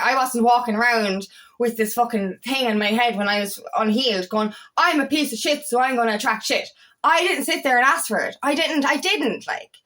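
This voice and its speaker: A woman's voice: fairly high pitch, a bit bright, low-quality recording. A young adult woman, a feminine empowerment coach, talking candidly and passionately in a personal vlog, swearing freely and restarting her sentences.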